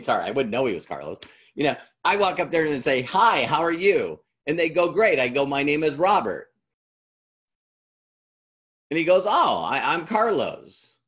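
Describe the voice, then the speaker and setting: A middle-aged man speaks to a live audience in a slightly high voice. He tells a story conversationally, acting out both sides of past dialogues. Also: a bit bright. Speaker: motivational speaker.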